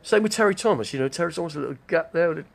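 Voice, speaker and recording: Older guy, gravelly voice, rambling live-stream host. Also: fairly high pitch, animated, racing, a little hiss or hum. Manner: chatty, digressive, name-dropping. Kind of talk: rambling casual monologue.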